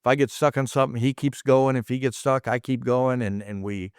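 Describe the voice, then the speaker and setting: A man's voice: medium pitch, a little fast, clean tone, no room sound, studio quality. A middle-aged man, a martial arts instructor, casually rambling through anecdotes and acting out quoted dialogue. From United States. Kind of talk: casual storytelling.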